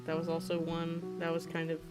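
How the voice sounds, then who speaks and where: A woman's voice: low voice, completely flat delivery, a little fast, over music. A woman in her twenties, chatting casually and rambling with many fillers and frequent giggles while she draws on a stream. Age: 20s. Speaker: streaming artist. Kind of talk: casual chat while drawing.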